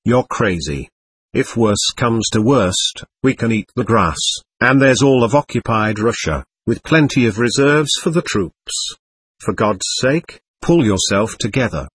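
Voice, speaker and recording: A man's voice: medium pitch, animated, a little slow, a bit bright, breathy edge, dry recording. A man voicing a weary male officer who pleads with a broken soldier to pull himself together, in a storybook reading. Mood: urgent.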